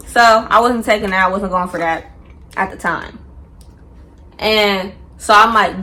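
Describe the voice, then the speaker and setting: Animated young woman telling a storytime. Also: fairly high pitch, unhurried, pauses often. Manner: animated, slangy, acts out quotes. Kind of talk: casual storytime.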